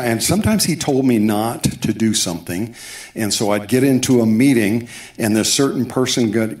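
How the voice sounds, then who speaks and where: A man with a mid-range, darkish voice gives a sermon testimony in a church sanctuary. He tells his story with asides and quoted dialogue, and the hall sounds echoey.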